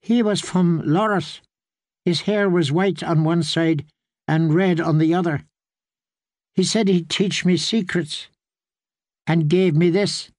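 A man's voice: sits high, slow pace, long pauses, darkish tone, no room sound, voice pushed up. A stubborn young girl with a raised, lighter voice, giving short and guarded answers, as a man reads her in an audiobook. The recording is close and dry, with no room sound. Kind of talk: audiobook character voice.

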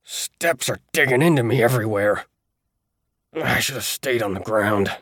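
A man voicing a curt, irritable old man who is hurt and in pain, speaking in a gruff, terse way. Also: mid-range voice, animated, moderate pace, fairly bright tone, dry recording, studio quality. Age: older.

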